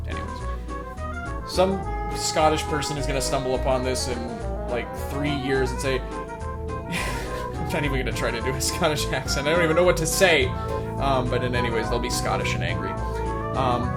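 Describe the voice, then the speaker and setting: A man hosting a let's play, reading game text and making rambling, wry, joking asides in sarcastic commentary. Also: a little high. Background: faint game music.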